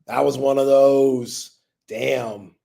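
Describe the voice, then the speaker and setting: A man's voice: mid-range voice, fairly even intonation, takes it slowly, vocal fry, mellow. A man co-hosting a live sports talk show, chatting loosely in slang and laughing often. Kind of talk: casual sports chat.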